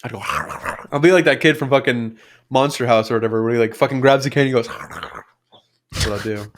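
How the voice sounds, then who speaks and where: A young man co-hosting a podcast, telling animated, sweary stories about his family. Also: normal speed. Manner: animated, sweary, acts out family members in shrill voices. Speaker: podcast co-host. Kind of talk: casual chat.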